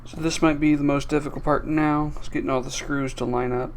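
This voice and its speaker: A man's voice: a little high, flat delivery, a little fast, slight background noise. A man streaming while tinkering, thinking aloud in a laid-back way and swearing casually. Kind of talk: casual chat while working on a device.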